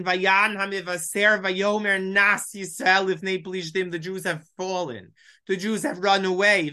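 A man teaching a Bible lesson verse by verse, reading lines aloud and explaining each in English. His voice is bright and clear, and his delivery is emotional, sometimes choked up. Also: sits high. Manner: reads Hebrew verses then explains in English. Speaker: Torah teacher. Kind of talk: text study lesson, translating verse by verse.

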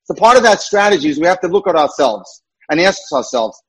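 A man's voice: fairly high pitch, animated, a little fast, fairly bright tone, breathy edge, rough recording. A man who works as a dating mentor, giving an emphatic lecture with repeated points.

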